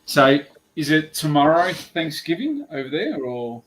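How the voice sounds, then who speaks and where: A man's voice: fairly high pitch, big pitch swings, unhurried, over a noisy crowd, poor audio. A man from Australia with an Australian accent, chatting casually and trailing off at the ends of his thoughts. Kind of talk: casual chat.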